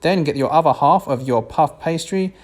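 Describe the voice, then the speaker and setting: A man's voice: fairly high pitch, moderate pace. A British man giving a casual, self-deprecating voiceover for a home cooking video. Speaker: cooking vlogger.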